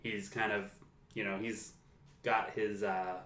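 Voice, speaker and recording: A man's voice: fairly low pitch, takes it slowly. Laid-back man recapping, echoey room. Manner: relaxed, recaps scenes, laughs often. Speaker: podcast co-host. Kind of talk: casual movie discussion.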